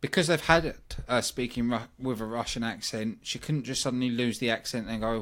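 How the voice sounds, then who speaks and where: A man's voice: medium pitch, a little fast, few pauses, fairly bright tone. Chatty British man reviewing wrestling. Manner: chatty, opinionated, many ums and asides. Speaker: wrestling review podcast host. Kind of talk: casual solo review.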